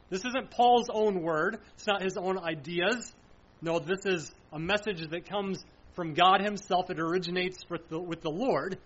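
This preacher's husky, somewhat bright voice sits on the high side at a measured pace as he explains the Bible verse by verse, asking and answering his own questions emphatically. It's captured in dull, lo-fi sound.

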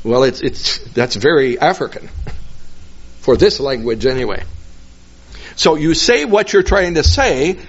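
A man slowly teaching a Bible passage verse by verse, patiently explaining each phrase and repeating himself. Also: medium pitch, lively intonation, husky. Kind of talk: slow verse-by-verse Bible lesson. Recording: dull lo-fi recording.

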